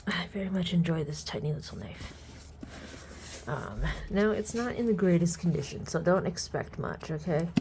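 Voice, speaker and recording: A woman chatting casually as she unboxes a collectible on her channel, excitable and sometimes dropping to soft murmurs. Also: on the low side, moderate pace, a little hiss or hum. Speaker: unboxing vlogger.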